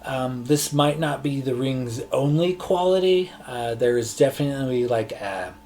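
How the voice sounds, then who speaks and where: Dude running a tabletop game online, relaxed, lots of ums and restarts, middle pitch. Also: male voice, unhurried. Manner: relaxed, loose, many fillers and restarts. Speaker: game master. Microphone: online session mic.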